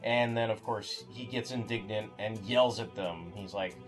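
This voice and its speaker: Low-voiced man rambling on a podcast. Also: steady tone, faint music behind. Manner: halting, many restarts and fillers. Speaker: podcast co-host. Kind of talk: casual chat.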